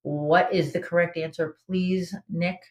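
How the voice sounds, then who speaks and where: A woman's voice: fairly low pitch, steady tone, unhurried. A woman hosting a live online trivia game in a casual, chatty way, reading out answer options and laughing often. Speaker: trivia host.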